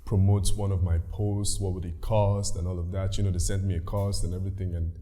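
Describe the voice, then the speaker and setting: A man being interviewed, telling his story in an animated, easygoing way. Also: sits low, a little fast. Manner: animated storytelling, laughs easily. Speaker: interview guest. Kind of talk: casual interview.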